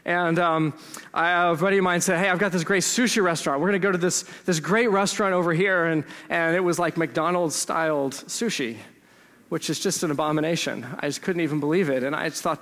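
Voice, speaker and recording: A pastor from Texas telling stories in a relaxed, joking sermon. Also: male voice, fairly high pitch, a little fast, big-room sound. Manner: conversational storytelling with humor.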